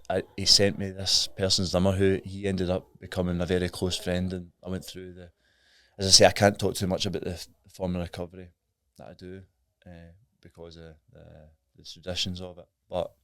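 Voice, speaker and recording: A man's voice: deep voice, fairly bright tone, smooth, dry recording, studio quality. A Scottish man in his thirties, a podcast guest telling his story in an earnest, frank, plain-spoken way. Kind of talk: candid recovery story in conversation.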